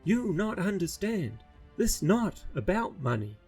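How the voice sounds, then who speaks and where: A man's voice: high-pitched, big pitch swings, measured pace, darkish tone, breathy edge, faint music behind, voice pushed up, heavily acted. A man voicing an anxious old male tinker who speaks in broken grammar. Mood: urgent.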